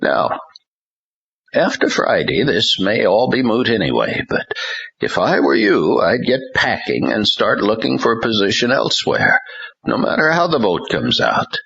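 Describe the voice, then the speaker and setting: A man's voice: fairly low pitch, wildly swooping pitch, creaky, slightly rough, lo-fi sound, pitched above the performer's own voice, full character voice. A man voicing a blunt, weary older pastor. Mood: forceful. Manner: slow, faltering, forceful. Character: older ousted male pastor, blunt mentor.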